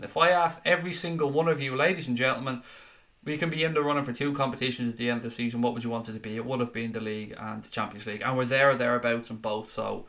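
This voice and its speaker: A man in his own casual live-stream chat, reading out viewer comments one after another and answering them, often with a friendly "mate". His voice is bright and forward, with an ordinary middle pitch and a loose, conversational delivery. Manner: chatty, reads out viewer comments, calls people mate. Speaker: fan channel host reading live chat.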